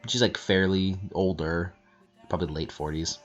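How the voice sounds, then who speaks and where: A man narrating a tabletop game as game master, halting and searching for words, on a dull lo-fi recording. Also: sits low, steady tone, faint music behind.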